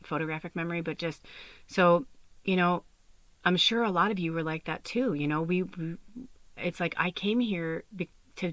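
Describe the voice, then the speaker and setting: A woman's voice: lowish voice, no room sound. A woman from Chicago hosting a podcast, telling her own story in a candid, rambling way, full of fillers and casual swearing. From Chicago, USA. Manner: rambling, confessional, lots of "like" and "you know", swears freely. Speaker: podcast host and spiritual medium.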